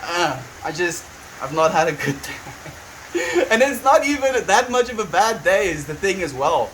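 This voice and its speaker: Livestreaming from his farm home, a young man rambles and vents while reading chat, laughing often and restarting sentences. His voice is high, sing-song, fairly bright and a little slow, captured in a low-quality recording with slight background noise.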